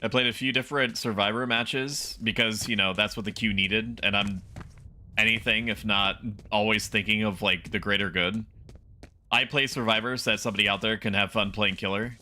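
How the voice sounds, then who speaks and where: A young man livestreaming a video game as a VTuber, chatting with viewers and breaking into loud, animated outbursts at the game. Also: lowish voice, moderate pace. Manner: animated, yells and laughs at the game. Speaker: VTuber streamer. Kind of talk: gaming livestream commentary.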